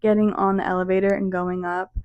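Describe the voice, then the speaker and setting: A young woman co-hosting a podcast, calmly recounting an experience with soft fillers. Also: mid-range voice, fairly quick, clean tone, dry recording, lo-fi sound. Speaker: podcast co-host. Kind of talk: casual chat.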